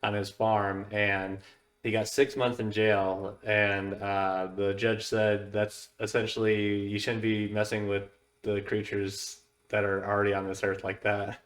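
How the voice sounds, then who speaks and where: A man's voice: lowish voice, little pitch movement, a little slow. A man hosting a podcast in casual chat, meandering through a news story in a laid-back way. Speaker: podcast host.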